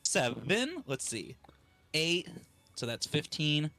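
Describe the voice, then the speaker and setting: A man plays a tabletop game in a bright, forceful voice pitched a little high, laughing at his own antics. His audio is dry and close, with no room sound. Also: very animated, slow pace, no room sound, faint music behind. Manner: laughs a lot, self-mocking. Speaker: player. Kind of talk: casual tabletop play.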